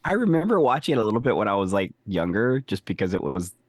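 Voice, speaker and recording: A man with a fairly low voice, co-hosting a podcast and trading wry, joking remarks while recapping a TV show. He sounds like he is in his thirties or older. The recording is dry and close. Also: big pitch swings, fast talker, dry recording. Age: 30s or older. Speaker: podcast co-host. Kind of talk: casual chat recapping a TV episode.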